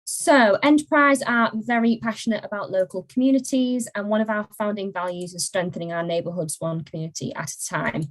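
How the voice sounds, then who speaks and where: Young woman presenter, bubbly and self-deprecating, mid-pitched. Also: brisk, few pauses, poor audio. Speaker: recruitment marketing specialist. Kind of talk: casual online presentation.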